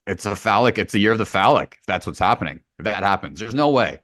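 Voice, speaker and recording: A man's voice: fairly low pitch, animated, fast, a bit bright, no echo, clean studio sound. A man co-hosting a podcast, rambling and joking in casual sports banter, swearing freely. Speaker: podcast co-host. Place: remote Hawaii.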